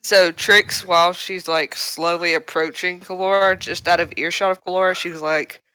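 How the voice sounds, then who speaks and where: A woman playing a tabletop game over a voice call, quick and argumentative, often trailing off. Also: fairly low pitch, steady tone, sharp tone, smooth, no echo, rough recording. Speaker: player. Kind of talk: casual chat over a voice call.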